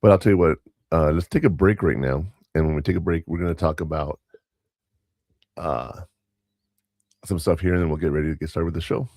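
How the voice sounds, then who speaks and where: A man's voice: a bass voice, a little fast, long pauses, a little mellow, dry recording, studio quality. A man hosting a casual talk show, blunt and lecturing in a plain-spoken way. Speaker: podcast host.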